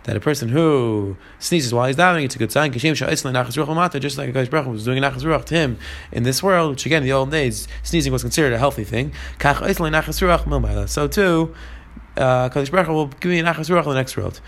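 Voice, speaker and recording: A man's voice: medium pitch, fast, fairly bright tone. A man teaching a Talmud class, translating phrase by phrase as he goes. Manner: translating each phrase and mixing in Hebrew and Aramaic terms.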